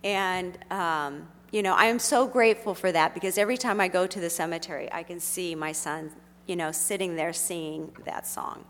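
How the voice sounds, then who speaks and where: Middle-aged woman, earnest storyteller, gentle delivery, big reverberant hall. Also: fairly low pitch, moderate pace. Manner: gentle, earnest, with frequent fillers. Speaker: speaker sharing a personal story. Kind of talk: heartfelt storytelling talk.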